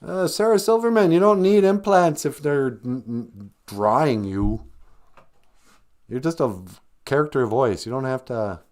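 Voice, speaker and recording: A man's voice: medium pitch, lively intonation, unhurried, darkish tone. A man hosting a comedy podcast, rambling sarcastically with mumbled asides. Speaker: podcast host.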